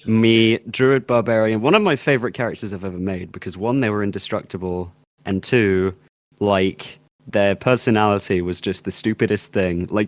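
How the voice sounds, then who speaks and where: A British man co-hosts a casual chat show, slightly low-pitched and talking in loose, rambling runs. He laughs a lot and leans on sarcasm. The sound is close and dry. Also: no echo. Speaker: podcast co-host.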